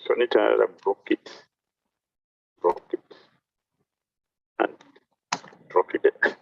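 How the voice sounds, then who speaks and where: A man, a monk, telling a devotional story in a sermon with animated delivery and frequent repetition of phrases. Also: fairly low pitch, slow, gravelly, husky, muffled recording. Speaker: monk giving a talk.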